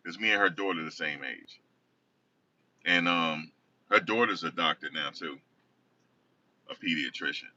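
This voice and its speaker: A man's voice: deep voice, sharp tone. A man casually telling a rambling personal story, often correcting himself. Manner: rambling, self-correcting, conversational. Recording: distant dull lo-fi recording.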